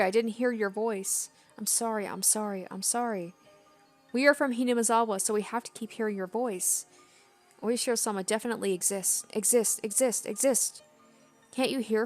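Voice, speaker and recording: A woman's voice: on the high side, close to an everyday voice. A woman reading the lines of a disturbed teenage girl from a visual novel, repeating herself feverishly. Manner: feverish, repetitive apologizing.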